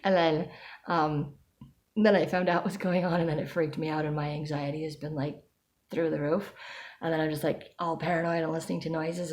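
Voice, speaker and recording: A woman's voice: low-pitched, level tone, fairly quick, a little mellow. A woman talking through her anxiety in a chatty personal video diary. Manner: anxious, chatty, self-reassuring. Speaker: vlogger.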